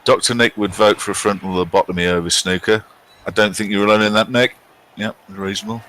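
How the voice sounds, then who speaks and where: A man's voice: fairly low pitch, fairly even intonation, fast talker, bright, forceful tone, slight background noise, low-quality recording. A middle-aged British man commentating on a live game stream and reading out viewer chat in a chatty, wry, self-mocking way. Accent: British English.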